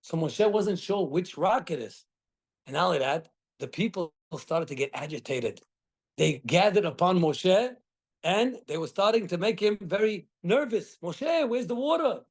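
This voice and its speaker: A middle-aged man, a rabbi, giving a Torah class and telling the story with animated acted quotes. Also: high-pitched, measured pace, breathy edge.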